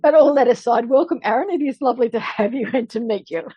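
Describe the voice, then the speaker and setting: A woman hosting a podcast interview, speaking in a measured way and framing long, careful questions. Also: a little high, slightly rough, no echo, highs cut off. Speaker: podcast host.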